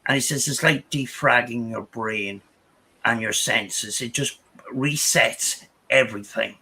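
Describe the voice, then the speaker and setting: Podcast host, man, very bright and forceful voice, rambles through anecdotes with constant restarts. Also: medium pitch, a little slow, slightly rough, low-quality recording. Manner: rambling, many restarts and "I says". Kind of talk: casual storytelling chat.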